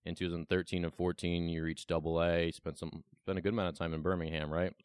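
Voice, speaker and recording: A young man hosts a casual podcast interview, his voice very low and smooth. The sound is dry and close, and he ribs his guest with easy joking banter. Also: little pitch movement, fast talker, no echo. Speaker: podcast host. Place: Bloomington, Illinois, remote call.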